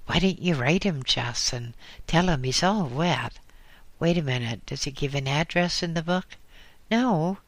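A man's voice: on the high side, expressive, unhurried, a bit bright, dry recording. A man reading aloud and voicing an eager, hesitant young man who keeps asking questions.

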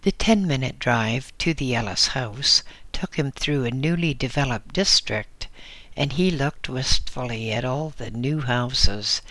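A male narrator reads a story in a slow, deliberate way. His voice is bright with a gravelly texture. The recording is close and dry. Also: medium pitch, no room sound.

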